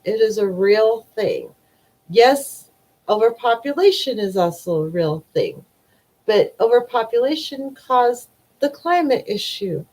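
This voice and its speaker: A woman's voice: fairly high pitch, lively intonation, measured pace, a little mellow, low-quality recording. A woman in her forties hosting a casual live stream, reading viewer comments and rambling emotionally, often trailing off. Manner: rambling, emotional, trails off with repeated "I don't know". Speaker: livestream host.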